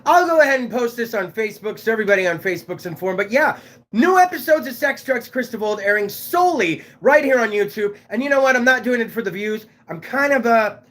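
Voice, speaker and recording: Brief: male livestream host from Fresno, high-pitched and lively, shouts and swears casually. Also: fast. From Fresno, California. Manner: loud shouting delivery, crude swearing. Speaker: live show host.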